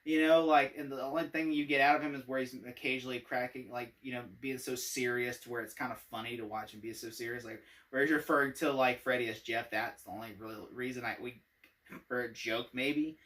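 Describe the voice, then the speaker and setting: A man's voice: medium pitch, fairly even intonation, a little fast, fairly bright tone, distant mic. A man giving a casual spoken movie review, rambling with many fillers and frequent laughter.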